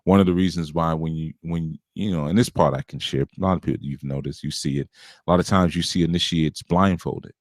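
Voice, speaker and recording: A man's voice: rumbling low, fairly even intonation, fairly quick, no echo, clean studio sound. A man teaching a spiritual class in a loose, conversational way, with frequent asides and an occasional chuckle. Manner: conversational, with frequent asides like "you know" and "you see"; chuckles now and then. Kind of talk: casual spiritual lecture.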